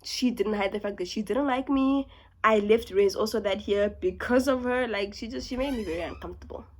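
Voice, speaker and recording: A young woman from South Africa with a South African accent, telling a story in a casual vlog, talking fast and animated and dropping into whispers. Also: medium pitch. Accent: South African English. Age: young adult. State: sick. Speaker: YouTuber.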